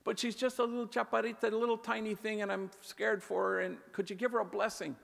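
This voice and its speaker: A man voicing an emotional former gang member and proud father in a story, talking in a rushed, pleading way. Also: sits high, creaky, voice pushed up, exaggerated voice. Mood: anxious excited. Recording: echoey hall with long reverb.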